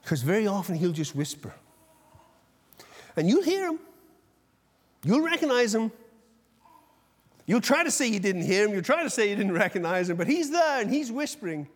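High-voiced man preaching in an echoing hall. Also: moderate pace, long pauses, husky. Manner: intense, animated preaching with sudden loud outbursts and soft whispered asides. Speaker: pastor. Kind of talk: sermon. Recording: long echo of a large hall.

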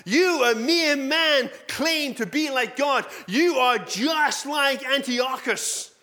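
A man voicing an angry male mob that shouts accusations of blasphemy. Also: a little high, slow. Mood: furious.

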